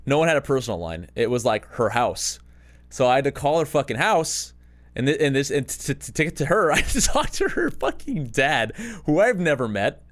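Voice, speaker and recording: A man's voice: medium pitch, very animated, brisk, a bit bright. Casting: thirties male podcast host, casual anecdote, loose and profane, laughs at himself, mid-range voice. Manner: rambling, profane, self-mocking anecdotes with laughter. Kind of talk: casual storytelling.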